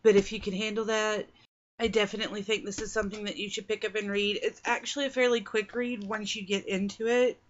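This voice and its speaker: A woman's voice: medium pitch, level tone, a little fast. A young woman casually reviewing books on her vlog, talking in a chatty, rambling way with fillers and restarts. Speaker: book reviewer. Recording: dull lo-fi sound.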